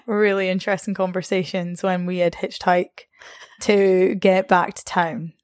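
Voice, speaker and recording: A young woman tells stories as a guest in a loose, chatty way. She laughs often and her pitch jumps up when she acts out quotes. Her voice sounds dry and close. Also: flat delivery, a little slow, darkish tone, dry recording. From Scotland. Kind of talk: casual storytelling interview.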